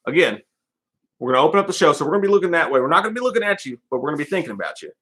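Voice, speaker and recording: Excitable, profane man co-hosting a livestream. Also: a little high, rapid-fire. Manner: profane, excitable, laughs often. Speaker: co-host. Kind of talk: casual livestream banter.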